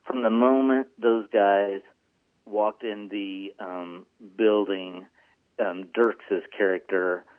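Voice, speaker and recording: A man's voice: fairly low pitch, steady tone, slow, no room sound. A man being interviewed as an executive producer, talking earnestly and rambling with lots of ums. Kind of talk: casual interview talk. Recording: tinny phone-like line.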